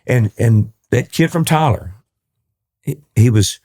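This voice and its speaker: A man's voice: mid-range voice, animated, measured pace, darkish tone. A man in his sixties with a Texan accent, a country singer telling folksy stories as a podcast guest, often repeating words as he goes. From East Texas. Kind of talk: storytelling in a podcast interview.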